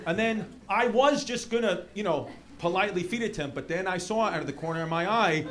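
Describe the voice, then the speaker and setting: Rambling New comic, high voice. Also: male voice, a little fast. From New York City (Queens). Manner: animated, rambling, lots of fillers and restarts. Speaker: stand-up comedian. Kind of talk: stand-up storytelling and crowd work. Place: comedy club stage. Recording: live club recording with crowd laughter.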